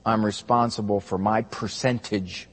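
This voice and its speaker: A man's voice: lowish voice, steady tone, a little slow, husky. A man co-hosting a talk show, asking earnest, reflective questions in casual conversation. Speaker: co-host. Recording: long hall reverb.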